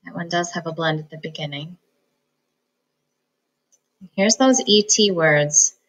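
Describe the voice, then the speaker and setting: A woman's voice: fairly low pitch, unhurried, low-quality recording. A woman teaching a phonics lesson, patiently sounding out words syllable by syllable. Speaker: reading teacher.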